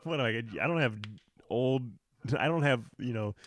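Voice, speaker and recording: A man's voice: medium pitch, normal speed. A man who does stand-up comedy, co-hosting a casual podcast chat, rambling through stories with lots of fillers and swearing. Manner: rambling storyteller, heavy fillers, profane.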